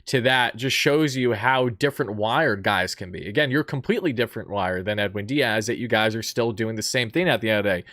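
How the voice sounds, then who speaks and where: A man's voice: lowish voice, brisk, hardly any pauses, a bit bright, no room sound, clean studio sound. A man hosting a sports interview, talking eagerly as a fan, with frequent uh fillers. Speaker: podcast host. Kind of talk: fan-focused sports talk.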